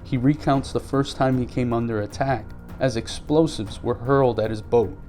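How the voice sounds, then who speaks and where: A man reading scripted news narration in a measured, even way. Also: medium pitch, soft background music. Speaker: news reporter.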